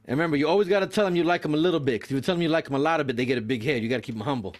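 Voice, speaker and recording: A man's voice: a little high, racing. A man co-hosting a casual podcast chat, telling stories with a laugh and repeating phrases.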